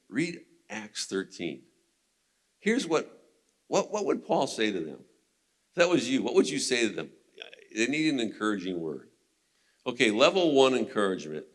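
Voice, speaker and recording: A man teaching a men's Bible study in a casual, conversational way, retelling scripture stories and laughing now and then. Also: on the low side.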